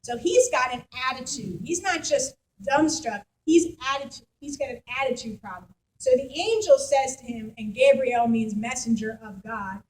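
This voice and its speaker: A woman pastor giving a sermon in a church, telling stories in a lively, conversational way with the congregation. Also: sits high, moderate pace, few pauses, poor audio. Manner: animated storytelling, conversational with congregation.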